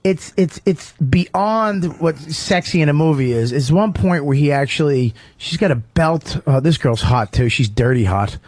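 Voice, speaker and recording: An excitable man rambles through a story on a talk radio show, stammering and repeating himself as he laughs between phrases. His voice sits a bit high and swings wide in pitch, now and then leaping up into a near shout. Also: a little slow, few pauses, dry recording. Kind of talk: excited casual chat.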